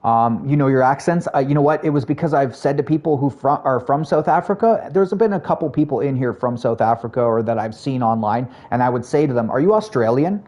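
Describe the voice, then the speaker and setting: A man's voice: mid-range voice, brisk, hardly any pauses, a little mellow. A man from Canada with a Canadian accent, chatting casually with his viewers while he plays a game, friendly and full of fillers. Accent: Canadian English. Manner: chatty, addresses chat and viewers by name, friendly filler-heavy talk. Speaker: streamer. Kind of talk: casual live-stream chat while gaming.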